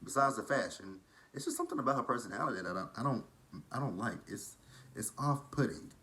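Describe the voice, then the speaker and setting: A man's voice: mid-range voice, lively intonation, a little fast, sharp tone. A man from Texas with a southern drawl, gossiping casually as he recaps a reality show. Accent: Texan. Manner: chatty, gossipy, shady asides.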